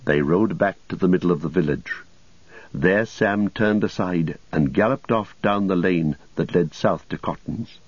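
Low husky male audiobook narrator. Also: dry recording. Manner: measured storytelling. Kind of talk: scripted narration. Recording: dull lo-fi recording.

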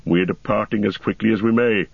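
A man's voice: lowish voice, fairly even intonation, a little fast, vocal fry, dry recording, narrow, tinny audio. A man voicing a stubborn male dwarf warrior in a growling, grim manner. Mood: exasperated.

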